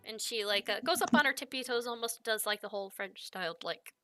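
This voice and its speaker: A woman's voice: on the high side, brisk, over loud music. A woman game master narrating a tabletop game in a casual, descriptive way, full of "like" fillers.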